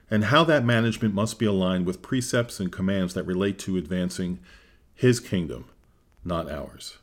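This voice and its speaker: Deep-voiced man teaching from scripture. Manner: earnest, measured reading of scripture. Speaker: Bible teacher.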